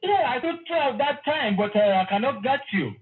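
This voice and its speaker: A man's voice: extremely high pitch, animated, a little fast. A man calling in, effusive and emotional, repeating his praise. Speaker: caller. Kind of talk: phone-in call. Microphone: phone. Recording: tinny phone line.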